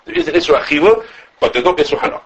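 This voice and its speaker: A man who teaches a class on religious law. He lectures with lively animation, thinks aloud, restarts his sentences, and quotes his sources as he takes questions from students. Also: extremely high pitch, very fast, vocal fry, husky, dull audio. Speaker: rabbi teaching a halacha class.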